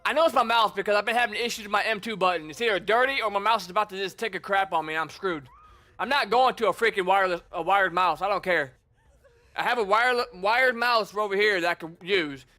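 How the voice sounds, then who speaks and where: A young man streaming a game, talking casually and excitably, swearing and calling people bro and dude. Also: sits high, fast talker. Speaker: gaming streamer. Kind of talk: casual gameplay commentary.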